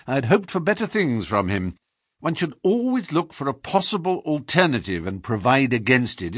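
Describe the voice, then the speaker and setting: Confident detective, crisp and raised, animated delivery; male narrator puts him on. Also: fairly high pitch, no echo, pitched above the performer's own voice, exaggerated voice. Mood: assured. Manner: crisp and assured, dry wit. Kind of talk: audiobook character voice.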